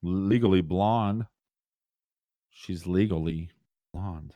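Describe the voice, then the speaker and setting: Low-voiced joking male podcast co-host. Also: slow pace, dark tone, no echo. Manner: joking, rambling storytelling. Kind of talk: casual chat.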